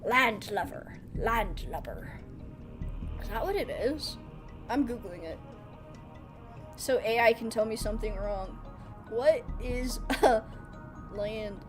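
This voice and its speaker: A woman's voice: fairly high pitch, unhurried, long pauses, over music. A woman streaming a video game, chatting casually and playfully with her chat and laughing often. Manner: chatty, giggly, playful, reads chat aloud. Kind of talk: casual live-stream chat while gaming.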